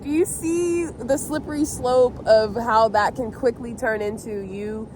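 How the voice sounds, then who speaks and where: A woman's voice: on the high side, measured pace, noisy background. A woman vlogging outdoors, giving casual motivational talk to camera in a loose, slangy, conversational way full of "like". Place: outdoors in nature.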